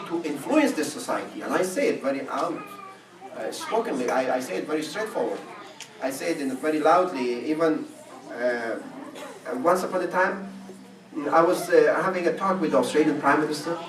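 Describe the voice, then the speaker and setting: Guy preaching earnestly, a bit high voice, far off in a roomy hall. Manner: earnest, emphatic, slips between English and Arabic prayer. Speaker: speaker at a Ramadan gathering. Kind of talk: sermon.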